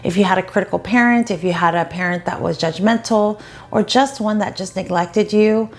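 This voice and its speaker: A woman dating coach giving advice straight to the viewer in a gentle, encouraging way. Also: mid-range voice, fairly quick. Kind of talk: advice talk to camera.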